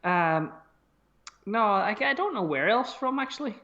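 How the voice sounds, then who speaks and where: Self-deprecating man with a lively voice. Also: high voice, measured pace, dull audio. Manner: self-deprecating, laughing, sweary. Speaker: podcast co-host. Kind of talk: casual podcast chat.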